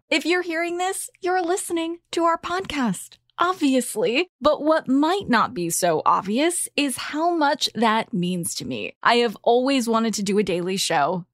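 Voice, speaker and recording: A woman hosts her own podcast in a higher voice, earnest and thankful, dropping in playful asides. She speaks into a close studio mic. The sound is dry, with no room around it. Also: fairly bright tone, no echo. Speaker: podcast host. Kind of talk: scripted podcast address.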